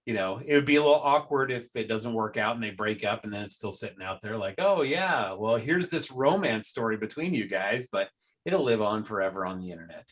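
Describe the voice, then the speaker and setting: A man hosting a casual podcast chat, speaking in a relaxed, rambling way. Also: fairly low pitch, fairly quick. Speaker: podcast host.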